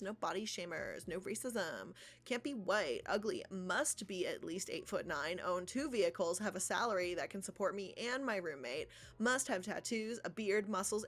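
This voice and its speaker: A woman livestreamer reading profiles aloud and reacting in casual commentary, sarcastic and swearing, laughing often. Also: mid-range voice. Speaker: art livestreamer.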